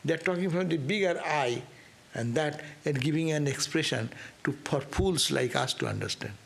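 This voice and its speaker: Gravelly swami teaching. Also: male voice, fairly high pitch, moderate pace, fairly bright tone, a little hiss or hum. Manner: earnest, questioning, rising emphasis. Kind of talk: spiritual class talk.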